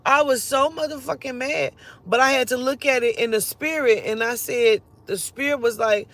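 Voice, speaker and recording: A woman telling a personal story in a casual, animated and profane way, acting out the other people's lines as she goes. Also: high-pitched, normal speed.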